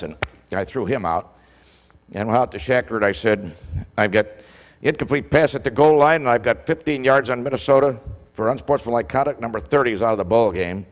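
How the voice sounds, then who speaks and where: A man's voice: medium pitch, brisk. Older guy telling old football ref stories on stage, acts out the calls, big echoey hall. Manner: animated storyteller, acts out shouted calls. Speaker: keynote speaker, former football official. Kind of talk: storytelling speech. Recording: long hall reverb.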